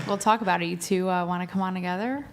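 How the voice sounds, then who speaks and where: A woman guest on a live debate panel who speaks slowly and teases with frequent laughter. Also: fairly low pitch, fairly even intonation, a little hiss or hum. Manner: slow, laughing, teasing. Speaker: panel guest with her own show.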